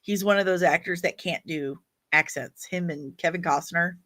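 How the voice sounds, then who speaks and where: A woman's voice: fairly low pitch, moderate pace, a bit bright. A woman hosting a casual livestream, chatty and opinionated as she reacts to viewer comments. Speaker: livestream host reading chat.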